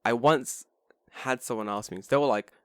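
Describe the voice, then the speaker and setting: A man, co-hosting a casual podcast, telling stories in an animated way, mimicking people and swearing freely. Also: medium pitch, moderate pace, smooth, dry recording, studio quality. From England. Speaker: podcast co-host.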